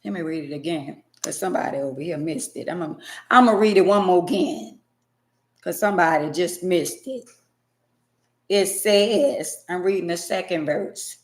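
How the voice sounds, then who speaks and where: A woman's voice: fairly low pitch, moderate pace, roomy sound. A woman ranting in casual commentary, emphatic and profane, hammering her points by repeating them. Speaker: vlogger.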